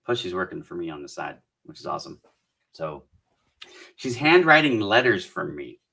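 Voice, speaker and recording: Gravelly, bright-toned middle-aged man. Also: sits low, very animated, normal speed. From Southern California. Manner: chatty and encouraging, thinks aloud while reading comments. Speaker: career coach hosting a live Q&A. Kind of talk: casual live-stream Q&A.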